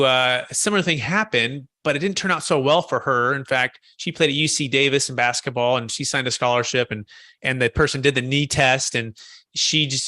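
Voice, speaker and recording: A man hosting a webinar, telling a personal story with animated quoted voices and many restarts. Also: medium pitch, no room sound, clean studio sound. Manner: frequent fillers and restarts. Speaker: host. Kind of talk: casual webinar talk.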